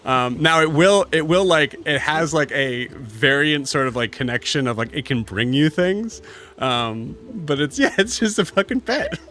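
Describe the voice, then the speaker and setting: A man running a tabletop game as game master, describing items in halting, filler-heavy casual speech. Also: mid-range voice, expressive, pushed and bright.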